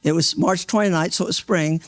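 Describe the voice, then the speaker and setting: A man in his sixties tells his story at an awards event, earnest and halting, often restarting his sentences. His voice sits a little high for a man. The sound is dry and close on a stage microphone. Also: dry recording. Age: 60s. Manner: earnest, halting, with many restarts and re-enacted quotes. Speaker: mail carrier honored at an awards event. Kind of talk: emotional first-person storytelling.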